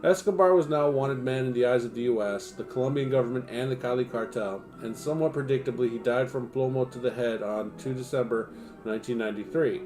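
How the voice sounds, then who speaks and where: A man's voice: mid-range voice, quick pace, darkish tone, faint music behind. A man on a home livestream reading nonfiction aloud and breaking off into profane, self-mocking asides. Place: home streaming setup.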